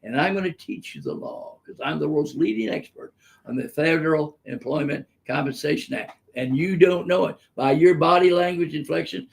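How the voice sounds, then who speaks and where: An older man with a gravelly, somewhat high-pitched voice hosts a live webinar as a physician. He tells his stories bluntly and emphatically and does not hide his opinions. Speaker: physician host answering viewer questions. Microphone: live webinar microphone.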